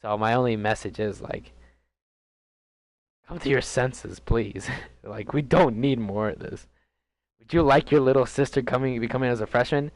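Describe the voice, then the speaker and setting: A 19-year-old man telling a rambling, animated story with crude jokes in a casual vlog. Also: lowish voice, moderate pace, gravelly, no room sound. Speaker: vlogger.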